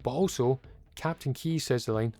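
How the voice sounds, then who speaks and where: A man's voice: mid-range voice, normal speed, warm tone. A young man giving a casual, rambling, opinionated video game review and swearing now and then.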